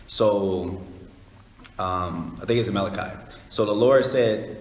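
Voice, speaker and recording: A man's voice: deep voice, normal speed. Casual man teaching scripture in a hall. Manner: conversational, animated explaining, prompts reader. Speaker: Bible study teacher. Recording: echoey hall, faint noise.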